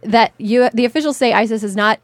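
A woman's voice: on the high side, fairly quick, dry recording. A woman reading news items in a casual comedic podcast, plain and conversational. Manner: reads news items plainly, then joins the jokes. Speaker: news segment reader.

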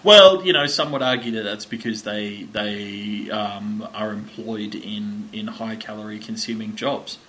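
An Australian man co-hosting a podcast, trading dry, wry asides in casual chat. His voice is bright and a little sharp. A faint hiss of noise sits behind him. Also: on the low side, flat delivery, unhurried, few pauses, rough recording. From Queensland, Australia. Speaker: podcast co-host.

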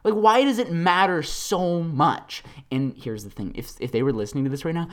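A podcast host ranting solo, rambling with many fillers and laughs, swinging between low mumbles and loud animated bursts. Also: moderate pace, few pauses.

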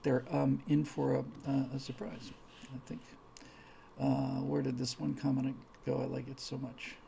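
A man's voice: medium pitch, level tone, moderate pace, creaky, dark tone, a little hiss or hum. A man hosting a live stream, rambling through opinionated commentary and reading out viewer comments, heated and emphatic, repeating words as he gets worked up.

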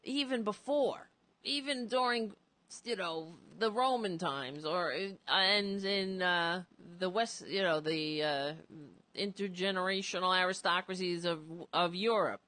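A woman's voice: lowish voice, measured pace, pushed and bright. Rambling, profane talk show host woman. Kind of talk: casual political talk show.

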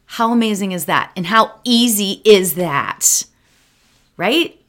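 A woman's voice: medium pitch, expressive, takes it slowly, a bit bright. A woman teaching a guided meditation, chatty and upbeat, often adding "right?", with a musical, sing-song way of speaking.

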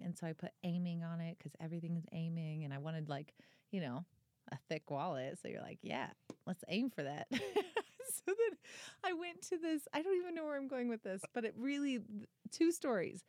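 A woman's voice: medium pitch, animated, normal speed, dark tone, no echo, studio quality. A woman of about thirty chatting casually on a podcast, telling a story with lots of energy, fillers and swearing. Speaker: podcast co-host and author. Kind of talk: casual chat.

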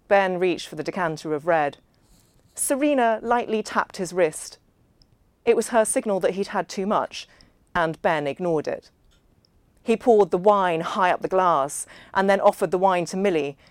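A woman narrating a novel in the first person, measured and understated. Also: on the low side, dry recording. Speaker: audiobook narrator.

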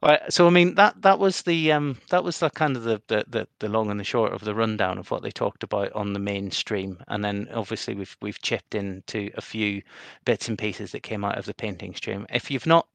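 A man's voice: on the low side, fairly quick, vocal fry, hardly any pauses, a bit bright, dry recording. A man co-hosting a casual gaming podcast, rambling and often repeating words as he restarts his sentences. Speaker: podcast co-host.

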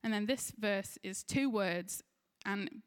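A woman's voice: medium pitch, slow pace, clear, resonant tone. A woman with an English accent preaching a sermon, retelling a scripture story in an earnest voice and briefly acting out the people in it. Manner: earnest storytelling, acts out quoted lines.

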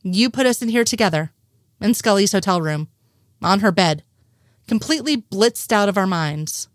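A woman's voice: mid-range voice, expressive, normal speed, no echo, clean studio sound, close to an everyday voice. A woman reading the lines of an exasperated male FBI agent in her own voice.

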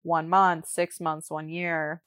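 A woman's voice: sits low, flat delivery, slow, fairly bright tone, clear, resonant tone, dry recording. A woman co-hosting a podcast in casual chat, talking chattily with many fillers. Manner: chatty, filler-heavy, full of "like". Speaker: podcast co-host.

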